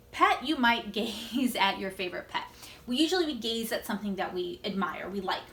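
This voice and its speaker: A woman teaching a recorded lesson for children, gentle and encouraging, and inviting them to join in. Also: mid-range voice, echoey room, a little hiss or hum. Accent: American.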